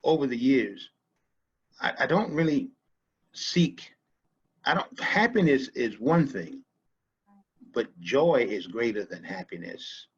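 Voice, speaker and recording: Male podcast guest, husky voice, thoughtful and halting, muffled lo-fi audio. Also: mid-range voice, sing-song. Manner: halting, repeats words, reflective. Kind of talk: casual conversation.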